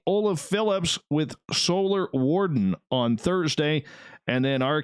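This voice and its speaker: A man's voice: smooth, no room sound, clean studio sound. A man hosting a live radio show and stream, chatting casually and greeting listeners in an upbeat way. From Canada. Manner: upbeat, chatty, jumps between high and low pitch.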